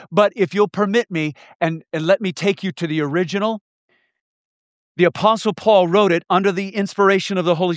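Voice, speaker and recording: Male preacher, slightly high voice, emphatic and repetitive, dry close recording. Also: clear, resonant tone, no echo. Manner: emphatic, repeating key phrases, swinging from loud to hushed. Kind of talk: sermon.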